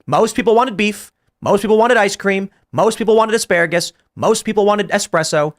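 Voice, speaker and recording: A man's voice: sits high, fairly quick. A man hosting a political talk show, chatting casually and arguing his points with animation and frequent restarts. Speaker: podcast host.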